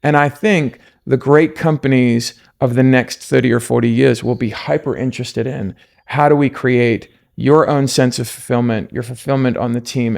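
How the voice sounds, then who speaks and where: Brief: South African-born male guest, earnest coaching tone, gravelly mid-pitched voice. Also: a little mellow. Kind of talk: casual podcast conversation.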